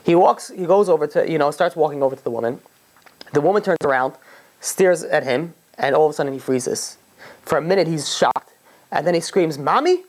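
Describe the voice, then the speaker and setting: Fast-talking rabbi telling a story. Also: male voice, fairly high pitch. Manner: animated storyteller who acts out quoted voices. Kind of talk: storytelling sermon.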